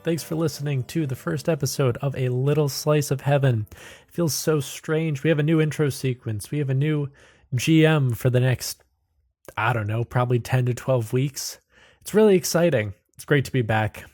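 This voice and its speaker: A man's voice: mid-range voice, normal speed, darkish tone, dry recording, studio quality. Upbeat man hosting a podcast ad break. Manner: upbeat, chatty. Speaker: player and show host. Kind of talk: casual chat.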